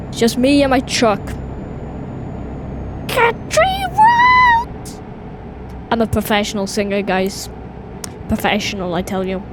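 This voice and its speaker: A woman with a Welsh accent chatting excitably to viewers while playing a driving game. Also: medium pitch, moderate pace. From Wales. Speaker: gaming video host. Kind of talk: casual gameplay commentary. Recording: game engine noise behind voice. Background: truck and vehicle sounds from game.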